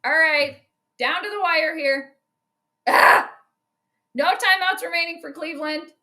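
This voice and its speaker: A woman talks her way through a game live on a stream, chatty and quick to react out loud. Her voice sits high and sounds bright and forceful. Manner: excitable, chatty, reacts loudly to plays. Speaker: astrologer and sports streamer.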